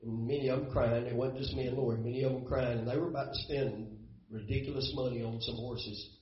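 A man's voice: mid-range voice, steady tone, a little fast. A middle-aged man preaching a sermon as pastor, folksy and emotional, often repeating words, close to tears. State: tearful. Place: church sanctuary. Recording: roomy, dull church sound.

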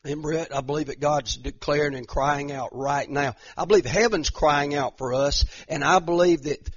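A man's voice: fairly high pitch, normal speed, dry recording. A middle-aged man, a pastor, preaching in an impassioned conversational way, repeating himself and building to emphatic rises. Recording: dull lo-fi dry sound.

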